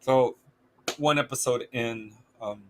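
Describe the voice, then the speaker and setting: Male podcast co-host, laid-back and halting, casual swearing. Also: medium pitch, fairly even intonation, a bit bright, a little hiss or hum. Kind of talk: casual chat.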